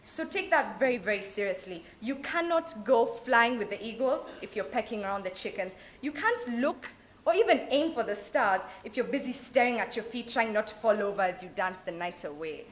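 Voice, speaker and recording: A young Kenyan woman giving a lively motivational talk at an open day, mixing in Swahili phrases. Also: on the high side. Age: young adult. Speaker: alumna speaker. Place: event hall at an open day.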